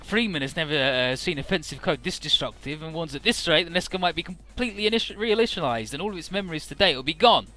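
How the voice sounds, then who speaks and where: A man's voice: fairly high pitch, animated, fast, hardly any pauses, bright, forceful tone, faint music behind. A man casually recapping a video game's story in a rambling, irreverent way with lots of fillers. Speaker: let's play narrator. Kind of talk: casual game recap narration.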